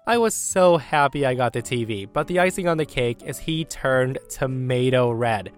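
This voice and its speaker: A man's voice: mid-range voice, expressive, moderate pace, soft background music. A man narrating a story aloud in a casual, wry way, speaking straight to his listeners.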